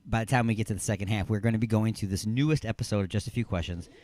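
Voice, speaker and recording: A middle-aged man hosting a call-in radio show from a studio, joking and rambling excitedly. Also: fairly low pitch, racing, dry recording. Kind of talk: casual call-in radio chat.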